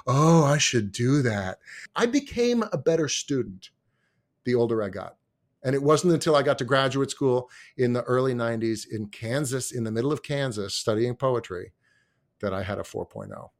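A man in his late fifties hosting an interview podcast and telling lively anecdotes. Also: mid-range voice, moderate pace. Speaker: podcast host. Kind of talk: casual interview.

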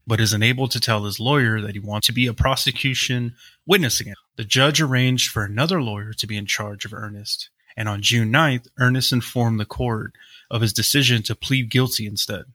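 A man co-hosting a podcast, reading a true-crime story aloud at a steady pace and breaking off into wry, casual asides. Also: mid-range voice, brisk, no room sound. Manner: reads steadily, then breaks into wry jokes.

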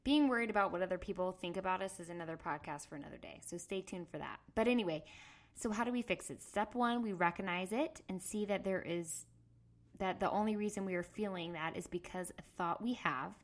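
A woman's voice: fairly low pitch, brisk. A woman in her thirties hosting a podcast, talking earnestly through a personal story. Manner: earnest, storytelling, acts out her past self loudly. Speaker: podcast host. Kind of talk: casual monologue.

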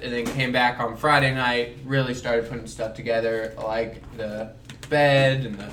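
A man's voice: medium pitch, a bit bright, distant mic, a little hiss or hum. A young man chatting casually with friends on a podcast, rambling in a laid-back way and laughing often. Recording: echoey room, off-mic.

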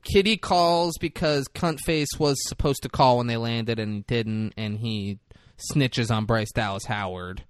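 Profane, animated man recapping a movie. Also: medium pitch, clear, resonant tone, dry recording, studio quality. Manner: profane, animated retelling with quick quoted asides. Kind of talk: casual movie recap chat.

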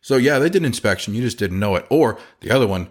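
A man's voice: medium pitch, fast. A man who runs a chimney sweep company, talking casually on a podcast and acting out the people in his stories. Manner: animated storyteller, acts out quotes.

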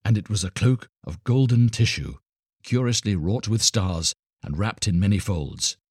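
A man reads a classic fairy tale for children in a low, husky voice. His delivery rises and falls with lively expression. The recording is close and dry, with no room sound. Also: no echo. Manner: expressive, measured storytelling. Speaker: storyteller. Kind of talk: children's story narration.

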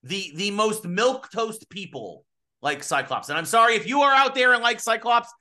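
A man co-hosting a podcast in casual, lively chat about sports and comics. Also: high voice, moderate pace. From United States. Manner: animated, bright and lively. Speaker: co-host. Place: home studio in Los Angeles.

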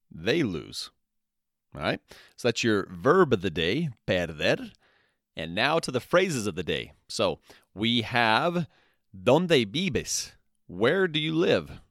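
A man teaches a podcast language lesson at an unhurried pace, his pitch rising and falling a lot as he repeats each phrase. His voice sits on the low side. The sound is close and dry. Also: no echo. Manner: slow, repetitive, spells out phrases twice with translations; checks in with "okay?" and "all right". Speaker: Spanish teacher, podcast host.

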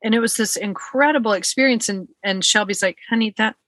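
A woman's voice: mid-range voice, fairly quick, a bit bright, dry recording. A woman telling a personal story in casual chat, earnest and heartfelt, acting out what people said. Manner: earnest, heartfelt, acts out quotes.

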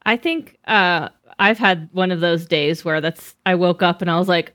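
A woman entrepreneur in casual conversation, animated and playful, tossing in joking asides. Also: on the low side, moderate pace.

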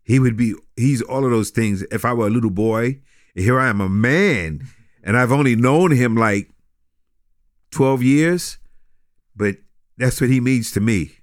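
Halting, laughing pastor man. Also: mid-range voice, no echo, clean studio sound. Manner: halting, repeats words, laughs often. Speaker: pastor and guest. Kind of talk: casual conversational interview.

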